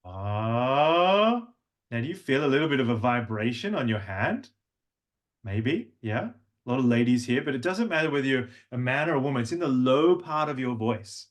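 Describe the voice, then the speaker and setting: A man's voice: mid-range voice, animated, a little fast. A man working as a voice coach, leading a live workshop and patiently talking participants through vocal exercises. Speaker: language and voice coach.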